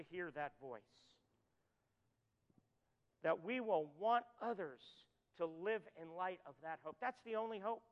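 High-voiced male pastor preaching in a church. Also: animated. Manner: earnest preaching, slowing and softening at key lines. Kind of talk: sermon. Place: church sanctuary. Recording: dull, reverberant church audio.

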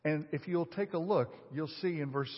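A man preaching a sermon in a large hall, his voice trailing into long reverb. He reads scripture passages aloud and then talks them through in a relaxed, conversational way, with the occasional filler. The audio is dull and muffled. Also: on the high side, moderate pace. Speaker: pastor.

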